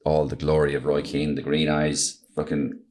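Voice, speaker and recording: A middle-aged Irish comedian chats as a podcast guest in a very deep voice. He tells his stories with animation and often drops into other people's voices. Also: normal speed. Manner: animated anecdotes, slips into voices. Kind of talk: casual podcast storytelling.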